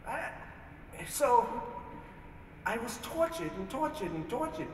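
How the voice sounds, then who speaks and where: A man giving a personal testimony, telling his story in an animated way and acting out the voices in it. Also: very high voice, slow pace, a little hiss or hum. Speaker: testimony speaker in a played video. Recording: video played in an echoey hall, heard from far off.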